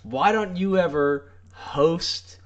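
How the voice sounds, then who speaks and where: A man's voice: a little high, slow pace, muffled recording, slight background noise. A man hosting a podcast in casual chat, teasing his co-host and cutting in with questions.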